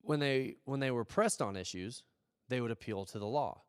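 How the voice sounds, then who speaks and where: A man's voice: medium pitch, moderate pace, clear, resonant tone. An American man preaching a conversational sermon, asking rhetorical questions and acting out little asides. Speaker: pastor. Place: church service. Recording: dry sound with long hall reverb.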